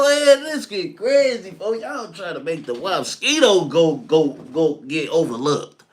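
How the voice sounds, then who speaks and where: Young man, very high and bright voice, crude ranting commentary. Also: unhurried, a little hiss or hum. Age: young adult. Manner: animated, crude, laughing. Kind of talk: profane solo commentary rant.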